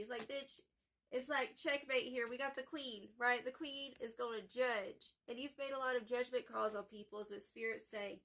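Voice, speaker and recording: A woman giving a casual tarot reading, chatty and excitable, swearing freely and calling viewers boo-boo. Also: on the high side, moderate pace. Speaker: tarot reader.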